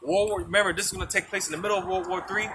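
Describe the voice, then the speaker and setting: Street preacher, man with a high voice, loose casual delivery full of "man", traffic roaring behind. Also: steady tone, very fast. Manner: peppers talk with "man" and "you know"; reads scripture aloud in King James wording. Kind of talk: outdoor street sermon. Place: outdoors on a street. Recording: street noise and passing vehicles.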